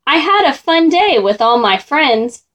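A woman's voice: sits high, very animated, a little slow, fairly bright tone, pitched above the performer's own voice, full character voice. A woman voicing a sleepy, stubborn male groundhog in a storybook, lazy and cozy in manner. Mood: cheerful.

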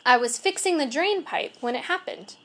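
A kindly older school custodian speaks plainly and gently, voiced by a woman reading a storybook aloud. The voice stays high and lively in pitch. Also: normal speed.

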